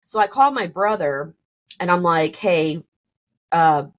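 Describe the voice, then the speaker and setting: A woman's voice: fairly low pitch, animated, a little slow. A woman in her thirties telling a personal story in a casual, emotional, rambling way, with many fillers and restarts.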